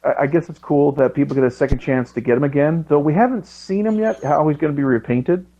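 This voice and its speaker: A man co-hosting a podcast in casual chat, joking and halting with fillers. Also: fairly high pitch, mellow, a little hiss or hum. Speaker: podcast co-host. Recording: dull lo-fi mic.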